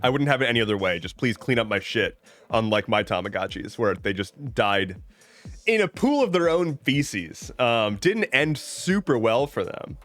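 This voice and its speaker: A man streams live from a home webcam setup, reading chat messages aloud and responding in a rambling, joking way with many restarts. His medium-pitched voice is a bit bright, swings widely in pitch and moves at normal speed, with faint music behind him.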